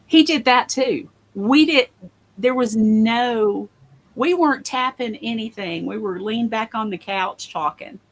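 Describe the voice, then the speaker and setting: A woman's voice: fairly high pitch, unhurried, poor audio. Earnest woman guest telling a story. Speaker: podcast guest. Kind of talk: casual conversation.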